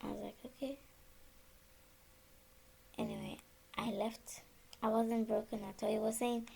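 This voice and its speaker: A woman's voice: fairly high pitch, unhurried, vocal fry, pauses often, slightly rough. A woman from Nigeria, probably in her thirties, casually telling a personal story and acting out the conversations she had. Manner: animated, reenacts conversations with quoted dialogue. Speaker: storyteller sharing her birth experience.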